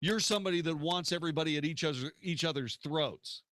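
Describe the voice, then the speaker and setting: A man hosts a political talk radio show, arguing combatively through rhetorical questions. His voice sits a bit high for a man, and the recording is dry and close. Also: fast talker, a bit bright, dry recording.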